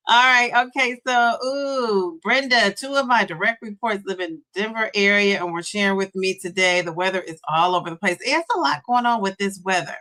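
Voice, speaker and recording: Live-stream host, woman in her fifties, chatty and bubbly, bright tone. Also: medium pitch, normal speed. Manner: bubbly, chatty, gives shout-outs. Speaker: livestream host and weight-loss coach. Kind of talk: casual live-stream chat reading comments.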